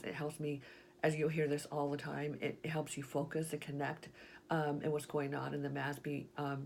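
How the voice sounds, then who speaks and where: Low-voiced chatty woman. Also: slight background noise. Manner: chatty, many fillers, animated retelling of her own inner dialogue. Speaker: Catholic speaker sharing her faith story. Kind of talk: casual personal testimony.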